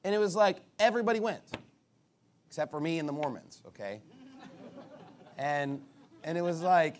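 A man's voice: fairly high pitch, animated, moderate pace, a little hiss or hum. A man preaching a casual, conversational sermon, telling stories and mimicking other people's reactions. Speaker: pastor.

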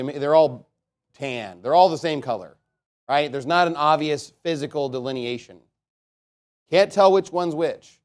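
A male pastor delivering a sermon in a fairly high, animated voice. He alternates between steady scripture reading and lively, questioning commentary, often laughing at his own asides. His delivery is direct and conversational.

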